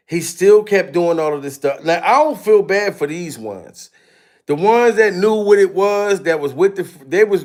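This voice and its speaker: A man giving profane, mocking reaction commentary to a live stream audience, laughing and swearing often. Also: fairly high pitch.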